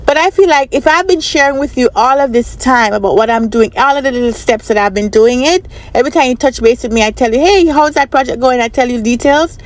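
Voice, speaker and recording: A woman talks straight to her viewers, telling a personal story in a loose, chatty way. She circles back over her points and asks the audience for their opinion. Her voice sits a little on the high side. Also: a little fast, hardly any pauses. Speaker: vlogger and business analyst trainer. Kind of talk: casual storytelling to camera.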